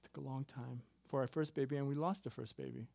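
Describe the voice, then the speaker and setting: A man in his fifties preaching a sermon as pastor, animated and jokey, swinging from loud emphasis to quiet asides. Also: mid-range voice, quick pace, gravelly, dry recording. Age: 50s.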